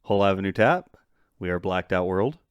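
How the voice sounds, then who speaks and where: A man's voice: low voice, lively intonation, a little fast, smooth, no room sound. Joking, swearing man co-hosting a podcast. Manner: loose, joking, swears freely. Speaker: podcast co-host and band member. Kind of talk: casual chat.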